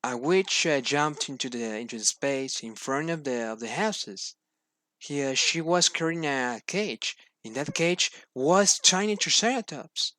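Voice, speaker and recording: A man reads a children's story aloud as a class assignment, stumbling with frequent fillers and restarts. His voice sits a little high. The recording is dry and close. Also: animated, measured pace, sharp tone, dry recording. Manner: hesitant with many fillers and restarts. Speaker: student.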